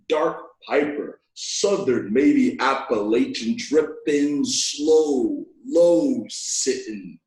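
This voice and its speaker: Young man reading poems in an echoey room. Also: fairly high pitch. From Alaska, USA. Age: 20s. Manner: rhythmic, playful delivery. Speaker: poet guest. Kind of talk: poetry reading and casual chat.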